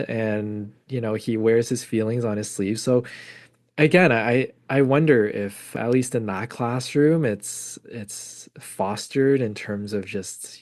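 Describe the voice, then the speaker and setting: Male podcast co-host, psychologist, lively storyteller who plays out both sides of a conversation. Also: mid-range voice. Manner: animated storytelling, acts out dialogue. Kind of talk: casual conversation.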